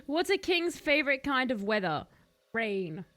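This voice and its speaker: A woman's voice: sits high, very animated, a little slow, a bit bright. A woman streaming a video game, chatting casually with her viewers and laughing often. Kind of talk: casual gaming live-stream commentary.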